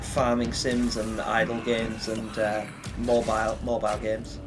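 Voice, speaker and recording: A man's voice: lowish voice, completely flat delivery, measured pace, over music. A young man chatting casually on a livestream, rambling with lots of fillers and chuckles.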